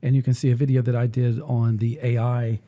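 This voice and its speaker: A man hosting a casual talk who rambles and thinks aloud while he clicks through music software. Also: medium pitch, flat delivery, fairly quick. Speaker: music teacher and podcast host.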